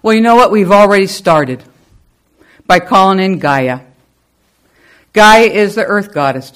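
Lively woman leading a spiritual service. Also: measured pace, clean tone. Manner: lively storyteller with animated pitch. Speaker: service leader. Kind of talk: spiritual talk to a congregation.

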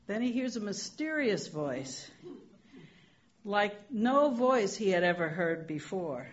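Unhurried woman minister, dry humor. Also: lowish voice. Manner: gentle storytelling with dry humor. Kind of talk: sermon. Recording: dull lo-fi recording.

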